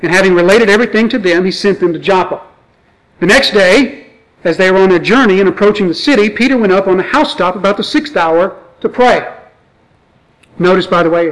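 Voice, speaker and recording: A man's voice: sits high, a little fast, low-quality recording. A man preaching a sermon, reading scripture aloud and then explaining it in a conversational way with rhetorical questions. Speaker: pastor. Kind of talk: expository sermon.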